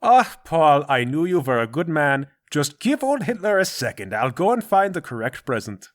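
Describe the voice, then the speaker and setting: Dude doing a pompous bossy tyrant guy, kinda high, really lively. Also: normal speed. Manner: pompous, pushy. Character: pompous male tyrant ghost.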